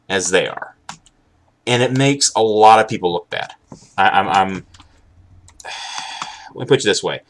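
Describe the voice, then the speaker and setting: A young man chatting casually while live streaming, rambling and halting with many restarts and an occasional sarcastic aside. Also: on the low side, fairly bright tone. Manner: candid, sarcastic at times.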